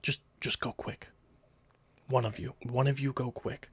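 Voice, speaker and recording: A man voicing a wary bird-like kenku guard on a ship, speaking in a hushed, hurried way during a live-streamed tabletop game. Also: medium pitch, level tone, slightly rough.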